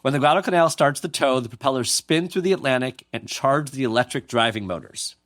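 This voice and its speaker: A man's voice: medium pitch, brisk, a bit bright. A man co-hosting a podcast, narrating a history story casually with joking asides. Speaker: podcast co-host.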